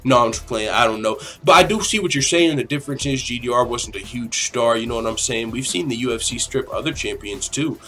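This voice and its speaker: A man in his twenties hosts a casual podcast question-and-answer session, his voice sitting at a middling pitch. He rambles, curses freely and airs strong opinions. Faint music plays softly in the background. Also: a little fast, hardly any pauses. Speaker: podcast host.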